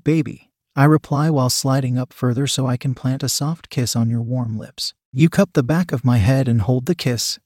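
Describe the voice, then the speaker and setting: A man narrating a written story in an even, unhurried reading voice that speaks punctuation marks aloud. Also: mid-range voice, dry recording, clean studio sound.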